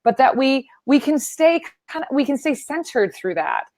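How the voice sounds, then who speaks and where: In a dry recording, a woman with a high-pitched voice talks at a normal speed as an interview guest. The yoga teacher chats casually, animated and poking fun at herself as she playfully voices her inner thoughts.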